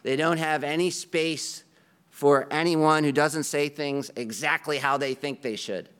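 In a somewhat slow, fairly even delivery, a pastor preaches to his congregation with earnest, conversational warmth and a self-deprecating aside. His voice is a little high, a bit bright, and clear with a resonant tone.

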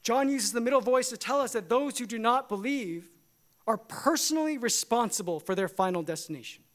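Male pastor, high voice, emphatic sermon delivery in a church. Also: animated, a little fast, a bit bright. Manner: emphatic preaching, rising and falling.

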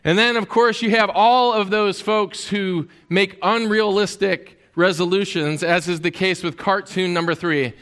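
A man's voice: sits high, fairly even intonation, measured pace, few pauses, fairly bright tone. A man preaching a sermon as a pastor, in a conversational way with many fillers.

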